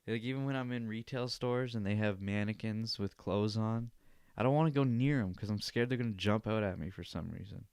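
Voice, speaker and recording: A man's voice: fairly low pitch, fairly quick, a little mellow, clear, resonant tone, dry recording, studio quality. A young man hosting a podcast in casual chat, rambling, laughing often and swearing freely. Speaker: podcast host.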